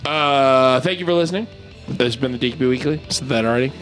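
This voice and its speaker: A man's voice: mid-range voice, fast talker, a bit bright, soft background music. A man hosting a casual comedy podcast, joking his way through the sign-off. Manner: goofy, joking sign-off banter. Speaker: podcast host.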